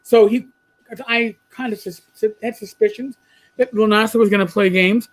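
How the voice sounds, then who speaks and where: High-voiced New York man chatting. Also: fairly even intonation, moderate pace, low-quality recording. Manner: chatty, trailing off and restarting, reading out comments. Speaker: co-host. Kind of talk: casual live-stream chat.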